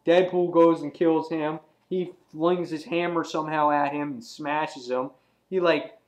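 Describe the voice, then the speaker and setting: A man giving a casual, excitable comic book review, rambling with lots of "he's like" asides. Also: fairly high pitch.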